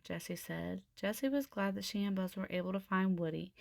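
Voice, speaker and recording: A woman reading a children's storybook aloud in a steady, expressive way. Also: lowish voice, a little fast, vocal fry, few pauses, dry recording, clean studio sound. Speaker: storybook reader.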